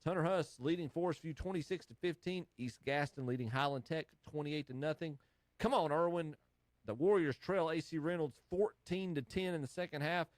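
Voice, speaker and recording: Upbeat man reading high school football scores. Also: no room sound. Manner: rapid score rundown, laughs often. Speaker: radio show host. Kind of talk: live sports scoreboard radio talk. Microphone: studio microphone.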